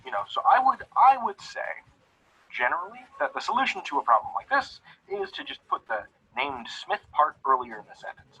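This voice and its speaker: Lively, bright-voiced man explaining grammar. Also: fairly high pitch, normal speed, husky. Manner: enthusiastic, chatty with fillers. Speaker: video lesson teacher. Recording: lo-fi video played back.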